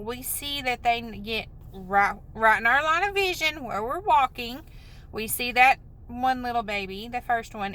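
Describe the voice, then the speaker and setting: Upset woman venting, bright voice. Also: a little high, low-quality recording. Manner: upset, rambling, apologetic. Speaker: vlogger. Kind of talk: emotional venting vlog.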